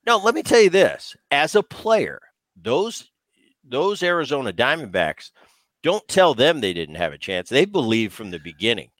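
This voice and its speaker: A man's voice: medium pitch, sing-song, normal speed, fairly bright tone, no room sound. Man, former ballplayer, casual sports chat, emphatic, restarts often, dry close sound. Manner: emphatic, repeats himself with restarts. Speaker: baseball podcast co-host, former player.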